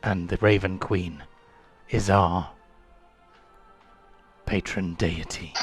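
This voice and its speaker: A man voicing a solemn shadow-elf emissary of a death goddess in a gruff, formal growl. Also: sits low, steady tone, slow, faint music behind, pitched below the performer's own voice, heavily acted.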